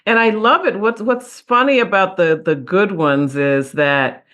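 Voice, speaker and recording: A woman's voice: medium pitch, measured pace, fairly bright tone, muffled recording. A woman hosting a parenting interview, often affirming the guest and laughing along. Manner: frequent affirming backchannels and laughs. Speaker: podcast host. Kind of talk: conversational interview.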